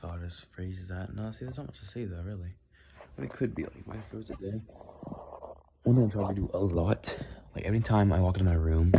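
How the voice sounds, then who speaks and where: Soft-spoken sleepy young man, deep and gravelly. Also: background noise. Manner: soft, soothing, unhurried voice. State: tired, sleepy. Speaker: vlogger. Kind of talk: late-night casual rambling talk. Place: his bedroom at night. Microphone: phone.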